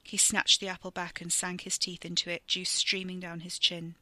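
A storyteller reading a fantasy chapter as scripted narration, vivid and steady. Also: medium pitch, normal speed, hardly any pauses, no echo.

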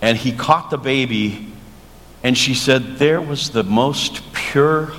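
A man, a pastor, preaching a sermon in a slow, earnest storytelling manner and leading a prayer. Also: medium pitch, fairly bright tone. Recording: long church reverb, faint noise.

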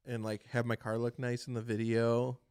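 A man co-hosting a car podcast, telling a story in a casual, animated way, swearing and laughing often. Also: medium pitch, normal speed, smooth. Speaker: podcast co-host. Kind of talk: casual chat.

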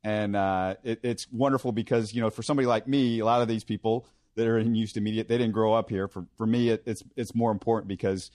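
A man's voice: on the low side, fairly even intonation, fast talker, few pauses, darkish tone, dry recording, studio quality. A man hosting a casual interview, eager and affirming toward his guest. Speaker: podcast host.

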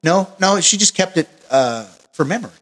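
A man's voice: high voice, animated, fairly quick, fairly bright tone. A man co-hosting a casual podcast, telling long, rambling, profane stories. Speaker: podcast co-host. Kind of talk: casual chat. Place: Oregon. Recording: long reverb.

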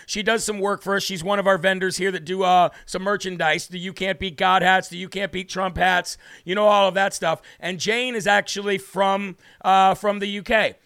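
Bright, chatty American man on a livestream. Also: high-pitched, flat delivery, normal speed, gravelly, hardly any pauses, clean tone, no echo. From United States. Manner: rambling, chatty, laughs easily, greets viewers by name. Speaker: livestream show host. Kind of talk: casual live-stream talk.

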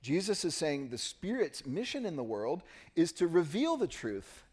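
A man preaching a Sunday sermon, reading scripture and then explaining it with pauses for emphasis. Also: on the high side, very animated, darkish tone, husky. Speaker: pastor. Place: church.

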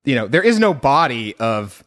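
Speaking at a moderate pace in a mid-range voice, this man co-hosts a podcast and walks through a film's plot casually. His storytelling is animated and profane, with frequent laughter.

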